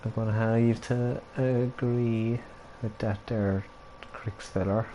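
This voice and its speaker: A man's voice: medium pitch, fairly even intonation, slow pace, mellow, a little hiss or hum, rough recording. A man live-streaming a farming game, joking and bantering with his chat. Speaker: gaming streamer.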